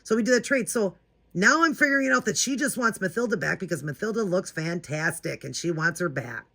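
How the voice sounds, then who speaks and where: Fast-talking, bright-voiced woman vlogger. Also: medium pitch, vocal fry. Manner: chatty, indignant, talks to viewers directly. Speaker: doll-collecting channel host. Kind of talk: casual storytime vlog.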